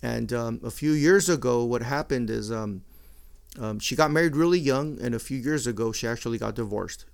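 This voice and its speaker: A middle-aged man, his voice gravelly with fry. He talks in a casual, blunt monologue full of swearing and Spanish slang. His pitch sits in an ordinary middle range. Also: moderate pace. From Mexican-American. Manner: profane, blunt, mixing Spanish slang into English.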